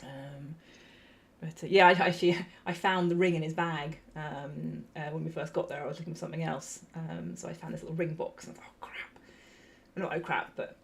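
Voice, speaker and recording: A woman's voice: low-pitched, steady tone, a little fast, creaky. A young adult woman co-hosting a podcast, telling stories in a chatty way with many ums and laughs. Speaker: podcast co-host. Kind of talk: casual chat.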